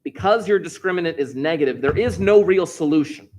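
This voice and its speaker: A man's voice: fairly high pitch, expressive, fairly quick, darkish tone, slight background noise. A male math teacher walking a class through a problem step by step, repeating key points and stressing words for emphasis. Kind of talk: classroom lesson.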